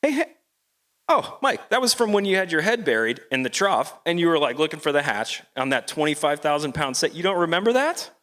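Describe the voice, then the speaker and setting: A man's voice: fairly high pitch, sing-song, brisk, a bit bright, pitched above the performer's own voice. A man voicing an eager young woman fishing crewmate who blurts things out.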